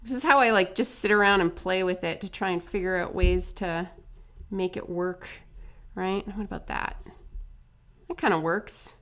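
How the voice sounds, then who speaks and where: A woman giving a casual face painting tutorial, chatty and upbeat, full of asides and quick tag questions. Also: on the low side, fairly bright tone.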